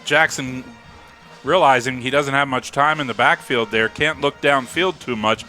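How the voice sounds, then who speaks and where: A man calling live football play-by-play, rising to excited calls on big plays. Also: medium pitch, normal speed, faint music behind. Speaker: play-by-play announcer.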